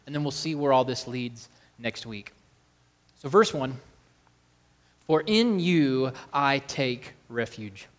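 A man preaching a sermon, slow and emphatic, calling to the congregation for amens. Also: medium pitch, lively intonation. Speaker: pastor.

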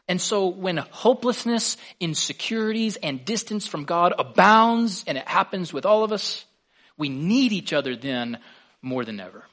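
A man's voice: on the high side, a bit bright. A man preaching a sermon as a pastor, earnest, with his voice swelling on key words.

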